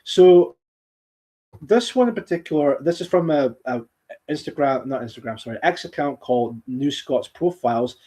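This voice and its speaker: A man's voice: mid-range voice, animated, normal speed, dark tone, slightly rough. A man hosting a live-streamed talk show, chatting casually with a rambling, restarting delivery. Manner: rambling, with frequent restarts and laughter. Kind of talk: casual chat. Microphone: streaming setup microphone.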